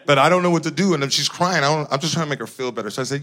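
A man from Northern California doing profane, animated stand-up comedy and laughing at his own lines. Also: a little high, racing.

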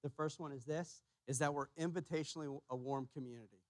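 A man's voice: on the high side, steady tone, fast, no room sound. Emphatic male pastor preaching. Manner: emphatic, repeats key phrases, rises in volume on points. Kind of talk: sermon. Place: church sanctuary.

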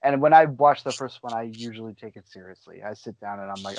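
A man's voice: medium pitch, a little mellow, dry recording, poor audio. A man co-hosting a casual chat, joking and laughing often. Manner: jokey, laughs often, quick asides. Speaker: podcast co-host.

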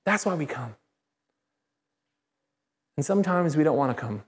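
A man's voice: on the high side, moderate pace. Emphatic, conversational male pastor preaching. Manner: animated, rises sharply when excited. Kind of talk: sermon. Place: church.

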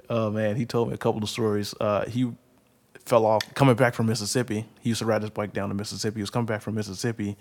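A man's voice: fairly low pitch, level tone, quick pace. A man in his twenties from Illinois telling a rambling personal story, full of fillers and laughter. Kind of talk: casual personal anecdote.

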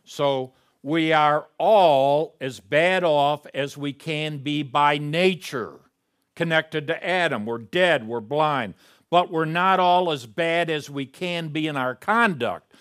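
Slow-speaking male pastor preaching. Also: a little high, fairly bright tone. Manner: emphatic preaching, reading scripture aloud. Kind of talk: sermon.

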